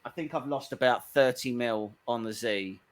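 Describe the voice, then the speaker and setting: A man co-hosting a casual live-stream chat, an animated storyteller who restarts his sentences often. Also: medium pitch, normal speed.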